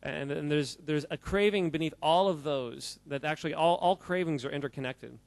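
A man giving an animated, jokey talk to a live audience, quizzing the crowd and often laughing. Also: fairly high pitch, normal speed, vocal fry, no room sound. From United States. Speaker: speaker addressing a live audience. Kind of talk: lively audience-interactive talk.

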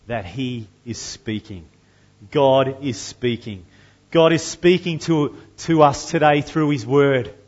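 A man preaching a sermon to his church, measured and earnest, with loud emphatic passages when he reads scripture. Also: a little high, dull audio. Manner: slow and deliberate, rising to loud emphatic scripture reading. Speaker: pastor.

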